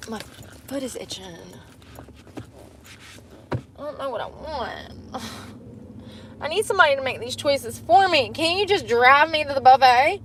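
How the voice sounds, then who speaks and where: A young woman rambles to her phone camera from inside a car, blunt and full of swearing as she complains. Her voice sits fairly high, and a faint hum of the car runs under it. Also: animated, measured pace, long pauses. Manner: blunt, heavily profane and complaining. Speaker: vlogger. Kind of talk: casual rambling monologue.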